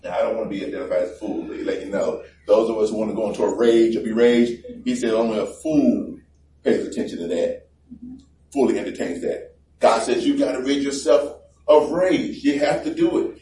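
Joking preacher in a roomy hall. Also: male voice, medium pitch, a little fast, warm tone. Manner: conversational and joking, acts out little voices. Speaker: pastor. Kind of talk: sermon. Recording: roomy, distant mic with faint background noise.

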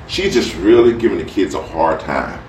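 This low-pitched man speaks at a normal speed, telling a devotional story in a relaxed faith talk and animatedly voicing those he quotes. The sound is roomy from a distant mic, with faint noise behind it.

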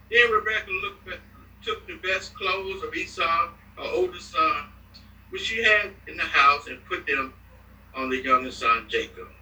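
A man with a very bright, forceful voice reads scripture aloud, now and then stumbling and restarting a line. His pitch sits a little high for a man. He sounds set back from the mic in a room with a lot of echo. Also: recorded from a distance, a little hiss or hum. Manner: plain reading with restarts and slips. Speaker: scripture reader.

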